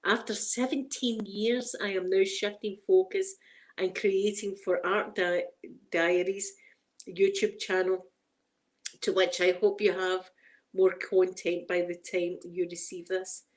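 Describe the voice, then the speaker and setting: A Scottish woman chats her way through an unboxing on her channel. She talks in a warm, emotional way, often restarting words as she stumbles over reading aloud. Her voice sits at an ordinary middle pitch. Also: level tone, unhurried. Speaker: ASMR channel host. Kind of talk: casual unboxing chat.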